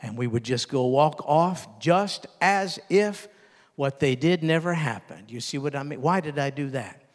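An older male pastor preaches a sermon in an earnest voice that sits a little high. He drops low and soft when he quotes tender words, and his voice carries a long reverb. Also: animated, unhurried.

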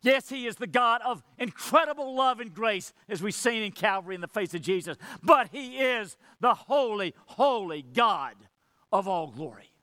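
High, lively, impassioned male preacher. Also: moderate pace, no room sound. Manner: impassioned preaching with dramatic drops to near whisper; acts out quoted dialogue between God and Moses. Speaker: pastor. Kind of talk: sermon.

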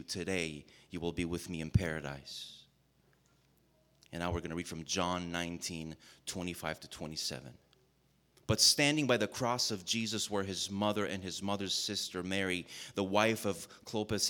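A man with a very deep voice reads scripture in a measured, reverent manner. He slows down on key phrases and drops to a quieter voice whenever he announces the next passage. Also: fairly even intonation. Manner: measured, reverent reading with slowed emphasis. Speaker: scripture reader. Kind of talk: solemn Bible reading.

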